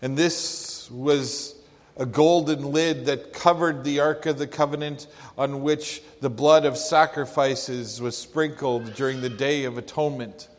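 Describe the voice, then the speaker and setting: A man's voice: mid-range voice, steady tone. A man preaching a sermon, in an earnest and reflective way. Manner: slow, earnest, reflective delivery. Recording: long hall reverb.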